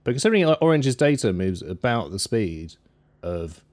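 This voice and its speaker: A man's voice: lowish voice, normal speed. A man co-hosting a casual tech chat, joking and telling stories. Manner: joking, animated storytelling. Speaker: podcast co-host.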